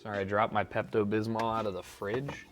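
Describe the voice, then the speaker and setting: A man's voice: on the low side, little pitch movement, a little fast, a little hiss or hum. A man live-streaming as he cooks in his home kitchen, swearing freely and rambling while he answers his chat. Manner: profane, rambling, talks back to chat. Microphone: wired mic.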